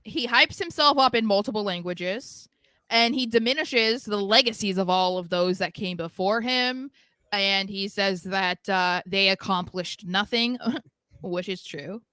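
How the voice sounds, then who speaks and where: A woman's voice: mid-range voice, measured pace, sharp tone, smooth, no room sound. A young woman co-hosting a casual wrestling podcast, recapping the show with sarcastic, laughing asides. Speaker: podcast co-host.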